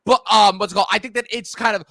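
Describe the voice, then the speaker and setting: A man's voice: high-pitched, fairly even intonation, racing, sharp tone, dry recording, studio quality. A man hosting a casual movie chat, opinionated and emphatic. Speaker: podcast host.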